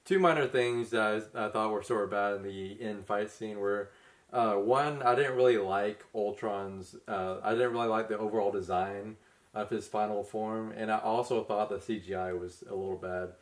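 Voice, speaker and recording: A man co-hosting a casual film review, giving relaxed, agreeable comments. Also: fairly low pitch, normal speed.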